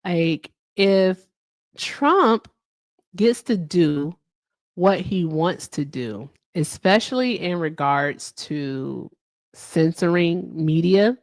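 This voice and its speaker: A woman's voice: lowish voice, animated, very slow, no room sound. A woman hosting a casual livestream, chatty and laughing often as she talks straight to her viewers. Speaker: livestream host.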